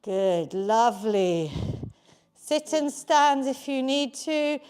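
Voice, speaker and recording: A woman fitness coach leads a live home workout from her basement. Her voice sits high and she takes her time, counting reps and cheering everyone on. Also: lively intonation, takes it slowly, darkish tone, clear, resonant tone. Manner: encouraging, counts reps aloud. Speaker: fitness instructor.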